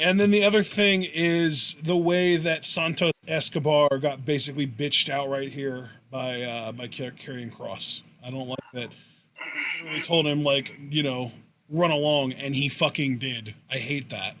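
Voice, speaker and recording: A man's voice: medium pitch, steady tone, unhurried, sharp tone, a little hiss or hum. A man co-hosting a wrestling review show, blunt and opinionated, swearing freely. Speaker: podcast co-host. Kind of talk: casual wrestling review chat.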